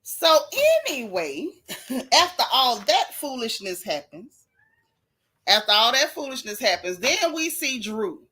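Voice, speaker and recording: Sassy, bright-voiced woman gossiping. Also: fairly high pitch, measured pace, slightly rough. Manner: sassy, animated, reads chat aloud. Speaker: show recap host. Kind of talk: casual gossip commentary.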